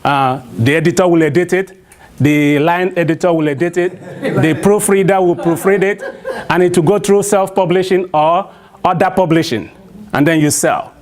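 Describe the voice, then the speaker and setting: Nigerian man telling a folk tale live, high voice, keeps asking the crowd "what?". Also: normal speed. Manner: call-and-response questions, animated. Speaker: storyteller. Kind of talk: live oral storytelling to an audience.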